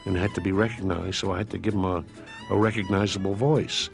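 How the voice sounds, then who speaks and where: A man, a voice actor, in an archival interview, telling stories in a relaxed way with frequent chuckles. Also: low-pitched, quick pace, creaky, faint music behind. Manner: relaxed storytelling, chuckles often.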